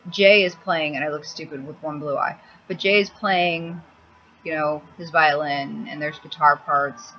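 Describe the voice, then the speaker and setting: Her voice is deep with a sharp tone as this makeup vlogger rambles crudely and bluntly in a casual home video. Cranky and quick to swear, she's captured on a laptop mic that gives slightly dull sound and faint hiss.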